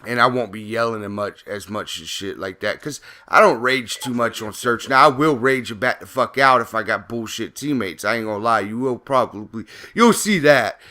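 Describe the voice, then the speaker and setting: A man with a bright, edgy voice delivers loose gameplay commentary as a YouTuber. He rambles, swears freely and gets heated as he makes his points. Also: mid-range voice, moderate pace, hardly any pauses. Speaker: gaming YouTuber. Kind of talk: casual ranting commentary.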